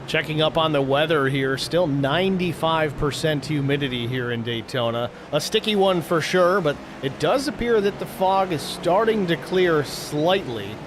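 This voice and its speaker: A man hosting and calling a sim race play-by-play in a brisk, matter-of-fact way. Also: a little high, noisy background. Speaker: play-by-play host. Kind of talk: sim racing play-by-play commentary.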